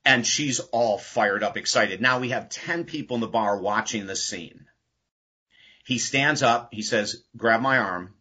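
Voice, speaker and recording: A man, a podcast guest and author, telling an anecdote in a casual, animated interview. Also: mid-range voice, unhurried, breathy edge.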